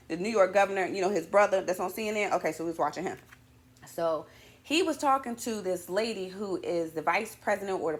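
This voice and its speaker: Lively, chatty woman hosting a morning show. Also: fairly low pitch. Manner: animated, chatty and slangy, with playful asides. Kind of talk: casual morning show monologue.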